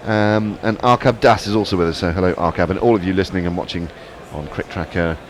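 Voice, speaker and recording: Dry, jokey co-host, deep voice. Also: male voice, fairly even intonation, fast talker, a crowd in the background. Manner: dry, jokey, sardonic asides. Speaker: cricket radio co-host reading listener messages. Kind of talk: casual live commentary chat.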